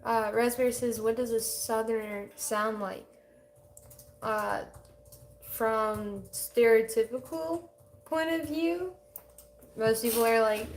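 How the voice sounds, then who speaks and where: Woman in her 20s, livestream co-host, slightly high voice, casual chatty reading of comments. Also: slow pace, pauses often, slight background noise.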